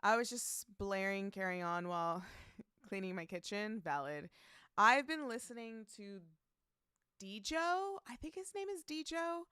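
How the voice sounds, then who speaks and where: A woman's voice: medium pitch, lively intonation, unhurried, bright, forceful tone, smooth, dry recording, studio quality. A woman streaming live, chatting casually, reading out chat messages and greeting viewers by name, laughing often.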